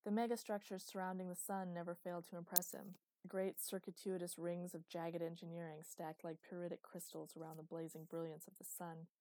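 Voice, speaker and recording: Woman reading an audiobook, low dark mellow voice, steady, dry close sound. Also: fairly quick, low-quality recording. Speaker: audiobook narrator. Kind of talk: scripted narration.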